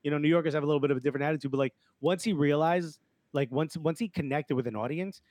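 New comedian guy riffing on a podcast, kinda high voice, dry close mic, laughs a lot. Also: very fast, dry recording. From New York. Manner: animated storyteller, acts out dialogue, laughs often. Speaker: comedian guest. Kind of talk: casual podcast chat.

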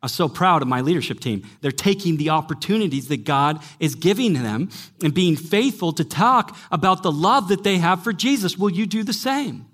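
A man's voice: sits high, expressive, normal speed, fairly bright tone. Emphatic male preacher telling stories. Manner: emphatic storytelling, repeating "listen". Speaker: pastor and former college teacher. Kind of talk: sermon to a young adults gathering. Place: church gathering before a live audience.

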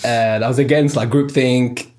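A young man on a casual podcast, telling an animated story and laughing often. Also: medium pitch, moderate pace. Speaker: podcast host. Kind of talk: casual chat.

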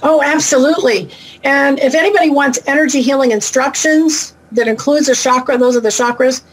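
A middle-aged woman talking as an interview guest over a remote call, chatty and down-to-earth with quick asides. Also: high voice, breathy edge, poor audio. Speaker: guest, animal intuitive and shaman. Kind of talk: casual interview talk.

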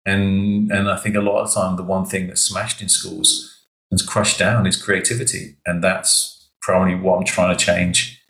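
A man, an education consultant telling stories in a podcast interview, animated and acting out the dialogue. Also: low voice, moderate pace, vocal fry, roomy sound, low-quality recording. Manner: animated, emotional storytelling, acts out quoted dialogue.

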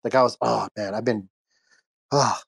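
A man's voice: fairly low pitch, steady tone, moderate pace, gravelly, breathy edge, no echo. A man in his thirties hosting a casual chat, telling a rambling story with restarts and laughs, a bit under the weather. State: unwell with a cold. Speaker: host. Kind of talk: casual chat on a live audio space.

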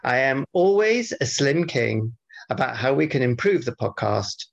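A man co-hosting a podcast, bantering casually and reading out mock-formal feedback in a dry, deadpan way. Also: medium pitch, a little slow. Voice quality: gravelly, husky. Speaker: podcast co-host. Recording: dull lo-fi podcast audio.

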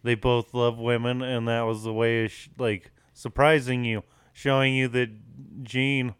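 A man co-hosts a podcast in casual conversation, rambling with plenty of fillers and swearing freely. His voice is medium-pitched, flat and unhurried, with a clear, resonant, fairly bright tone. The recording is dry and studio quality.

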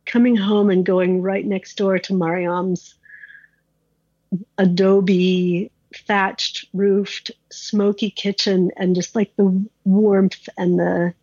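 A woman's voice: mid-range voice, flat delivery, slow pace, darkish tone, breathy edge, dry recording, lo-fi sound. A woman being interviewed, recounting a personal story in a candid, conversational way, with many "like"s and restarts.

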